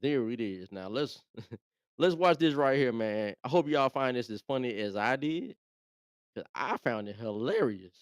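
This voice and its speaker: A man's voice: medium pitch, expressive, measured pace, clear, resonant tone, no echo, clean studio sound. A man hosting a live show, talking in a laid-back, chatty way and often repeating himself. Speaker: host. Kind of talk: casual live commentary.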